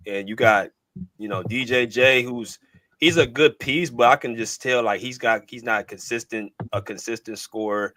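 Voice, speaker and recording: A man's voice: medium pitch, normal speed, bright, forceful tone, no echo. A man hosting a live basketball podcast, laid-back and slangy, speaking to viewers in the chat. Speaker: podcast host. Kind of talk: casual sports chat.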